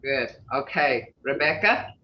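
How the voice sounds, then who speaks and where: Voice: mid-range voice, expressive, slow, slight background noise. Encouraging teacher on an echoey video call. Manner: encouraging, repeats "okay" and "you know", laughs often. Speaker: language teacher. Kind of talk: online language class. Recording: echoey lo-fi video call audio from far off the mic.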